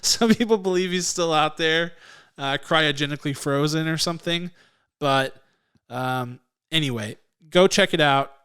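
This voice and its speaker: A man co-hosting a movie review podcast in a casual, relaxed style, laughing often and poking fun at himself. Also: fairly high pitch, moderate pace, clean tone. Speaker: podcast co-host.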